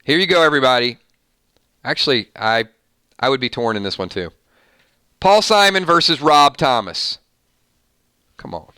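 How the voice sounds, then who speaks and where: A man hosts a live stream and playfully tallies viewer votes on music matchups. His voice is bright and crisp. It sits close and dry on the mic, with no room sound. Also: mid-range voice, normal speed, pauses often, dry recording. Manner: playful, animated, reading out votes. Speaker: host.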